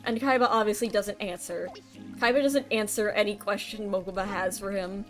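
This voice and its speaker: A woman's voice: medium pitch, steady tone, moderate pace, soft background music. Rambling woman streamer with chatty ums. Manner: rambling recap with filler ums and self-corrections. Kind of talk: casual gameplay stream chat.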